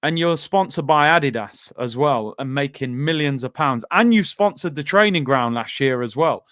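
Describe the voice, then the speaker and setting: A man's voice: medium pitch, expressive, normal speed, fairly bright tone, dry recording, studio quality. A man hosting a casual football chat, venting in exasperated rhetorical questions. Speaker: podcast host.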